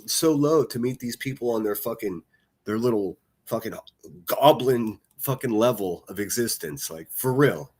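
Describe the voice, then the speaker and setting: A man's voice: mid-range voice, animated, normal speed, darkish tone. A man from the northern United States ranting on a livestream, profane, mocking and combative.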